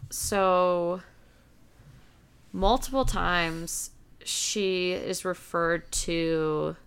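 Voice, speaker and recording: A woman co-hosting a casual book discussion, polite and unhurried, asking questions about the story. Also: fairly low pitch, clear, resonant tone. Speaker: book podcast co-host.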